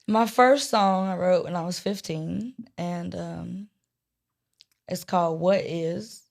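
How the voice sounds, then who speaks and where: A woman's voice: on the low side, takes it slowly, vocal fry, a little mellow. Southern woman, podcast guest, rambly and casual. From Georgia, US. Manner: chatty, rambling, with many restarts. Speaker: guest singer-songwriter.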